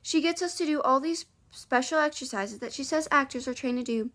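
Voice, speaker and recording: Chatty woman reader, high voice, close to the camera, casual read-aloud. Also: brisk, fairly bright tone. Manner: chatty, with offhand asides. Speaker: audiobook reader.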